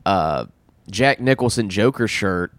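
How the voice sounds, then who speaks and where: Comedian co-host, man, swings his pitch a lot, dry close mic, profane banter. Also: a little slow, no room sound. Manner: profane, jokey, lively. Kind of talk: casual chat.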